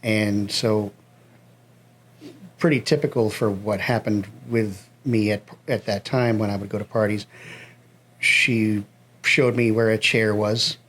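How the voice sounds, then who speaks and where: A man's voice: lowish voice, takes it slowly, long pauses. Laid-back man from western Massachusetts. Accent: New England. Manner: relaxed, laid-back, swears freely. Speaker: guest musician. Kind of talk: casual storytelling.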